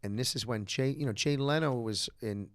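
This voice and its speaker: A man's voice: medium pitch, a little fast, dry recording. A man, casually telling a story on a podcast, rambling with fillers and perking up when he quotes people. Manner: rambling with many fillers, lively when quoting others. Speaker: podcast co-host.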